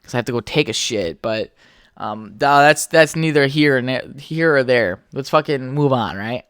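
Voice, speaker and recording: A man's voice: mid-range voice, moderate pace, a bit bright, clear, resonant tone, no echo, studio quality. A young man hosting a podcast, rambling through stories with lots of swearing and frequent laughter. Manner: rambling, profane, laughs often. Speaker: podcast host. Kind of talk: casual solo podcast chat.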